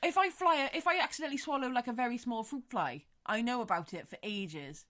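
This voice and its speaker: A woman co-hosting a podcast in casual chat, animated and giggly, swearing freely. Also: fairly high pitch, fast talker. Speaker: podcast co-host.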